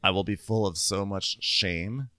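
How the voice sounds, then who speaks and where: A man's voice: low-pitched, sharp tone, dry recording, studio quality. A man co-hosting a podcast, chatting wryly in a casual recap, recorded from home. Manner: wry, chatty, quick to laugh. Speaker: podcast co-host. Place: home room with thin walls.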